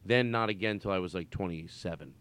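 A man's voice: deep voice, fast talker, fairly bright tone, smooth. A middle-aged man hosting a casual comedy chat, rambling through stories and laughing often. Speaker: podcast host.

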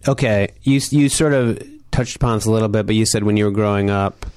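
A man's voice: on the low side, quick pace, darkish tone, no room sound, studio quality. A man hosting a podcast, asking questions in a jokey way and laughing often. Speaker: podcast host. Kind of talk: casual interview chat.

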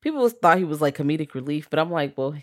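A woman co-hosting a casual film discussion, lively and profane, jumping into high voices for quoted characters. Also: fast, no room sound, studio quality.

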